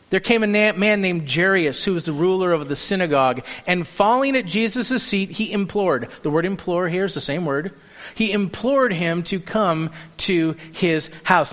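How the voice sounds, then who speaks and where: A man preaching a sermon as a pastor, earnest and urging, turning lively when he acts out the people he quotes. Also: high voice. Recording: dull sound with long reverb of a hall.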